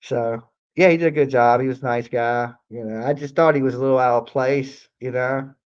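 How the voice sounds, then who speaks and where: A man with a steady, mid-range voice tells a story fairly quickly on a late-night livestream, rambling, swearing, repeating himself, and relying on "like." The audio sounds dull.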